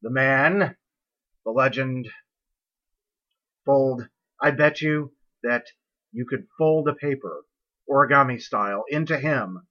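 A man's voice: medium pitch, pushed and bright. A man hosting a story show, introducing the next story with silly asides. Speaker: podcast host introducing stories. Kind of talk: casual chat. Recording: dull lo-fi recording.

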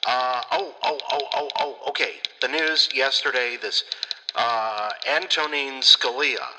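A man's voice: mid-range voice, unhurried. A man hosting a casual solo podcast, rambling and blunt, swearing freely with lots of fillers. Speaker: podcast host. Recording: echoey room with clear background noise.

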